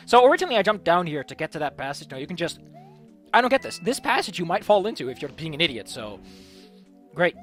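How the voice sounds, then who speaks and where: A man's voice: high-pitched, very animated, fast talker, fairly bright tone, soft background music. A man giving casual gameplay commentary, rambling and swearing freely as he tells a story. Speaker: let's play streamer.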